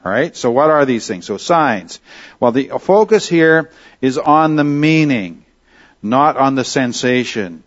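A man's voice: mid-range voice, expressive, measured pace, muffled recording. A man teaching a Bible lesson in an explanatory way, often correcting himself and asking the class questions.

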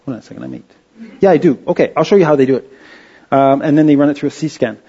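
A man giving an informal slide-show talk, halting and restarting with many fillers. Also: medium pitch, gravelly, warm tone, slightly rough, muffled recording. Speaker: presenter.

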